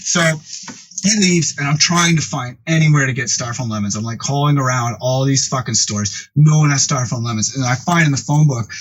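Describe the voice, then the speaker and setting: A man, a music producer guest on a podcast, tells a rambling, animated story full of swearing and acts out the characters' voices. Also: medium pitch, a little fast.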